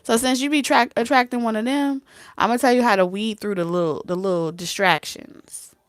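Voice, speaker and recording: A woman's voice: a little high, steady tone, moderate pace, no room sound, clean studio sound. A woman tarot reader talking casually, blunt and streetwise, who laughs often and acts out both sides of a conversation. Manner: laughs often and slips into soft whispers. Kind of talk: casual talk to camera.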